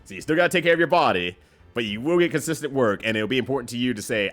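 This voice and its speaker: Brief: male game streamer, lively swinging pitch, easy laughs, faint music under him. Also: rapid-fire. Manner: animated, laughs often, jumps up in pitch for quoted voices. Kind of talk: casual chat while playing a game. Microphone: streaming mic.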